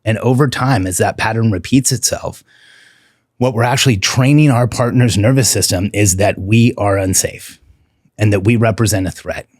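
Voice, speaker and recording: Earnest, husky-voiced middle-aged man. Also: on the low side, dry recording, studio quality. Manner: earnest and heartfelt, slowing down to stress words. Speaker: podcast guest, relationship coach. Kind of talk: candid interview talk.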